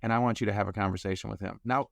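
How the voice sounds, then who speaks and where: A man telling a personal story as a podcast guest, acting out the quoted dialogue with lively shifts in voice. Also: on the low side, very fast, gravelly, no echo. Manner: animated storyteller who acts out quoted dialogue.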